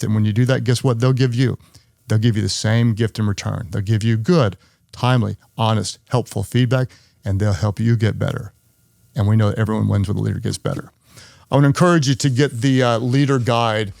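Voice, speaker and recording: A man's voice: mid-range voice, creaky, darkish tone, no room sound, clean studio sound. A man who is a pastor, hosting a leadership podcast in an earnest way and repeating key phrases for emphasis.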